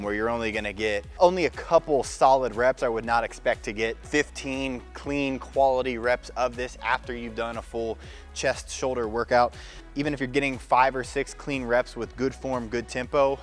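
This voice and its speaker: A man in a gym coaching a workout in a relaxed, everyday tone while he demonstrates each move. His voice sits at an ordinary middle pitch, at times slightly strained from the effort. Faint music plays quietly behind him. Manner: talks while demonstrating exercises, coaching cues. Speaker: fitness coach. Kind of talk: casual workout instruction.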